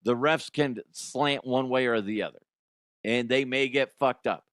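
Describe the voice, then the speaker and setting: A man's voice: mid-range voice, a little slow, a bit bright, no echo, clean studio sound. A man hosting a sports comedy show, ranting bluntly and cursing often. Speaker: sports comedy podcast host. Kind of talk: profane sports rant.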